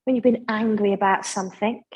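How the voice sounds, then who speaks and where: A woman leading a guided yoga class, giving gentle, chatty instructions with friendly asides. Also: mid-range voice, steady tone, brisk, slightly rough, low-quality recording.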